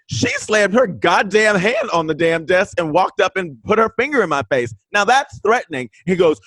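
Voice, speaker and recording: Man, guest, animated storyteller, bit high voice, dry sound. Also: normal speed, no echo. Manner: animated storyteller, acts out quotes. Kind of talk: casual storytelling chat. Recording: remote video call.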